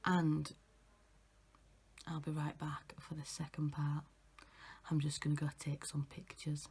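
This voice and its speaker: A woman's voice: sits low, little pitch movement, unhurried, darkish tone, slightly rough. A young woman chatting casually and giggling through a makeup tutorial. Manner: chatty, giggly, self-mocking. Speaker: makeup artist vlogger.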